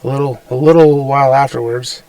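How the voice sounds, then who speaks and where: A man's voice: mid-range voice, steady tone, brisk, warm tone, smooth, no room sound, recorded from a distance. A young man co-hosting a podcast in casual chat, crude and rambling, laughing often. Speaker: podcast co-host.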